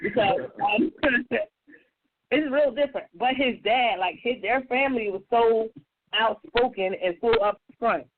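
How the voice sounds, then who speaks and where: A woman on a radio talk show telling a personal story in a casual, profane, animated way. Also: unhurried, a little hiss or hum. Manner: animated, profane, acts out quotes in a higher voice. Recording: tinny phone-like radio audio.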